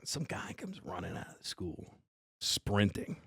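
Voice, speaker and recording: Man, New York accent, middle-aged, lively storyteller, dry close sound. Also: sits low, measured pace, vocal fry, husky, no room sound. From Staten Island, New York. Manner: animated storyteller acting out both sides of dialogue. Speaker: podcast guest, comedian. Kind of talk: storytelling in casual chat.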